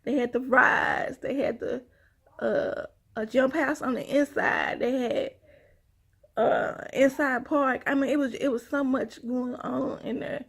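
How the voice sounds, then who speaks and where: A woman tells a long personal story straight to her viewers, often sighing and saying y'all. Her voice is husky and sits a bit high. She talks in a loose, conversational way. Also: fairly even intonation, measured pace. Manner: chatty, addresses viewers as y'all, sighs often. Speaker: vlogger.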